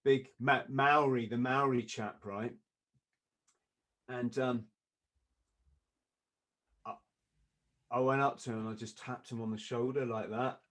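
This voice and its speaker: A man, a podcast guest, telling a story in a lively way, often laughing and acting out what others said. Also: medium pitch, slow, long pauses. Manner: lively, acts out quoted voices, laughs often.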